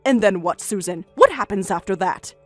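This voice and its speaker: A woman voicing a calm, firm older grandmother in a narrated story, speaking in a measured, steady way over faint music. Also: medium pitch, lightly acted.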